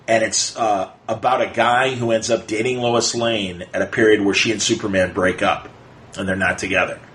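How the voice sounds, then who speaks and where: A man co-hosting a casual podcast chat, talking quickly and with energy, and slipping into playful voices when he quotes people. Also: fairly low pitch, slight background noise, low-quality recording. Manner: animated, fast retelling with playful quoted voices. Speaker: podcast co-host.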